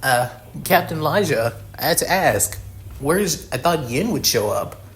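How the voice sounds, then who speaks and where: An eager, chatty young woman from a homemade fan story, as a male reader puts her on, pitched well up above his own voice and talking fast and keen. the delivery is plain and amateur, not polished. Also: animated, fairly bright tone, a little hiss or hum.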